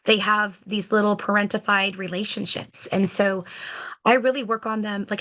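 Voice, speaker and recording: A woman guest on a podcast, an educator telling stories in a chatty, animated way and acting out talks with children, with plenty of "like" and "you know". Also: medium pitch, moderate pace. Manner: animated, acts out conversations with children. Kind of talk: podcast interview storytelling.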